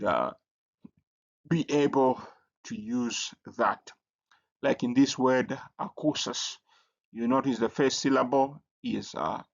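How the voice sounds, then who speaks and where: A man teaching a recorded language lesson, pausing often with fillers and repeating the key rules. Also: medium pitch, creaky. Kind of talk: recorded lecture. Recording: dull lo-fi audio.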